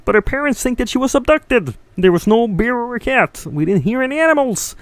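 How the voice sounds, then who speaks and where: A man's voice: big pitch swings, brisk, dry recording. A man putting on a Kermit-style frog puppet voice to read newspaper text aloud from a game. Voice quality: high nasal puppet voice.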